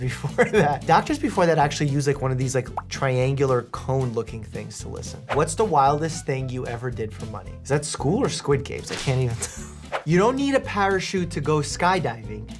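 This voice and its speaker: Jokey doctor reacting to memes. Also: male voice, medium pitch. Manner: jokey, laughs often, quick asides. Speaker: doctor and YouTuber. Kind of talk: casual meme reaction commentary.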